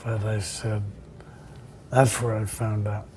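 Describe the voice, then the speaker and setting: A man's voice: on the low side, level tone, slow, darkish tone, a little hiss or hum. An older man, a tennis coach and interview guest, telling stories in conversation and acting out the people in them. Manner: reflective, acts out the people in his anecdotes. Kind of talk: storytelling in a conversation.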